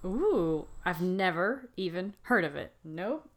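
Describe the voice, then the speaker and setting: A woman co-hosting a podcast in a casual chat, with a wry, deadpan manner and blunt, swearing delivery. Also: lowish voice, takes it slowly. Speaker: podcast co-host.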